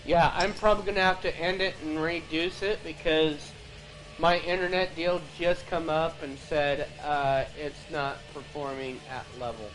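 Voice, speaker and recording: A man chatting casually on a live gaming stream while racing, prone to excitable bursts of surprise. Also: on the high side, unhurried, faint music behind, rough recording. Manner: excitable, bursts of "ooh" and repeated "really?". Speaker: streamer racing on a game livestream.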